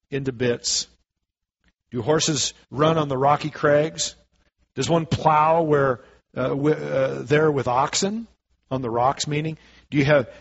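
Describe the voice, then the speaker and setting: A man's voice: on the high side, breathy edge, lo-fi sound. A man preaching a sermon, reading scripture aloud and then explaining it in casual everyday words. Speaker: pastor.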